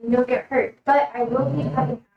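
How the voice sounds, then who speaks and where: A woman's voice: sits high, level tone, fairly quick, lo-fi sound. A young woman livestreaming from her kitchen, chatting casually and rambling between talk to her pets. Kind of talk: casual chat while cooking.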